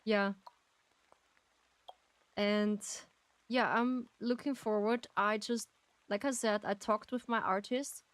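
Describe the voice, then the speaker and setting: A woman's voice: medium pitch, fairly even intonation, slow, pauses often, no room sound, poor audio. A woman streaming a game, chatting casually and gushing with frequent giggles as she thanks her chat. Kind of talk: casual live-stream chat while gaming.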